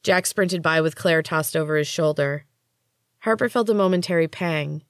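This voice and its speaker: A woman reads her own story aloud in a calm, measured narration. Her voice sits low. The recording is dry and close, with no room echo. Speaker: podcast host reading her own fiction. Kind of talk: audiobook-style story narration.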